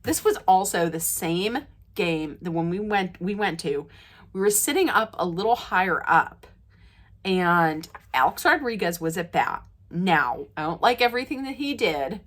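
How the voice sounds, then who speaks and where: A woman vlogger telling stories to the camera in a casual way, laughing often, her voice jumping high and loud when she gets excited. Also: a little slow.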